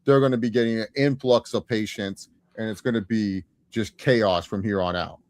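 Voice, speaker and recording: A man's voice: fairly low pitch, fairly even intonation, normal speed, no echo, clean studio sound. A man co-hosting a podcast, chatting casually about a TV episode with an enthusiastic, self-congratulating manner. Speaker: podcast co-host. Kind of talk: casual TV episode recap chat.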